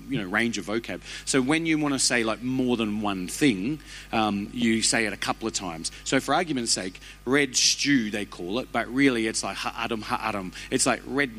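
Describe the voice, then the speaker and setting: A man, preaching a sermon as a pastor with animated, humorous storytelling. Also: mid-range voice, normal speed.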